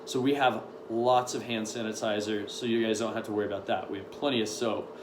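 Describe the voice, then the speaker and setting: A man's voice: fairly low pitch, steady tone, fairly quick. A man coaching at a gym, giving a casual, upbeat update and workout briefing with lots of ums. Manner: upbeat, rambling with many ums. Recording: echoey room with faint noise.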